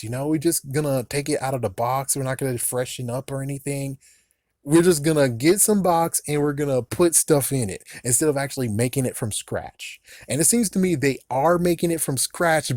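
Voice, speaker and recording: A man's voice: medium pitch, a little mellow, dry recording, studio quality. Ranting man in casual commentary. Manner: ranting, swears often, laughs between remarks. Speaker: YouTuber giving opinions.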